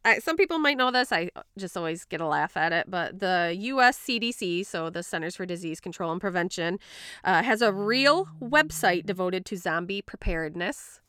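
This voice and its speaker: A woman's voice: on the low side, lively intonation, moderate pace, sharp tone, clean tone, dry recording, studio quality. A woman co-hosting a podcast, telling a story in casual chat and swearing freely. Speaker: podcast co-host.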